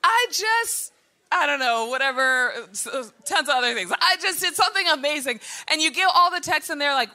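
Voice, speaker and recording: A woman pastor preaching a sermon, animated and laughing at times, building to shouted passages. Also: high-pitched, normal speed.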